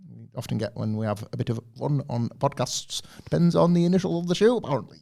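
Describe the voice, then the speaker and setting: A young man co-hosting a casual wrestling review podcast. He talks in an animated way and acts out wrestlers' lines in put-on voices. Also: mid-range voice, fast, gravelly. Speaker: podcast co-host.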